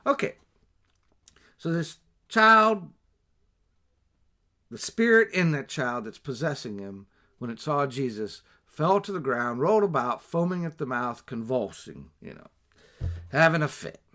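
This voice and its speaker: A man preaching a Bible teaching sermon on a livestream, animated, with asides and rhetorical questions. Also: a little high, a little slow, long pauses. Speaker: pastor.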